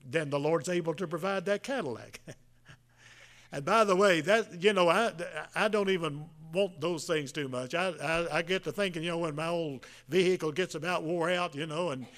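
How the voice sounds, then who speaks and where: A pastor in his seventies, his fairly bright voice sitting a bit high for a man, preaches a plain, homespun sermon. He works through each point in a halting, folksy way, packed with restarts and filler words.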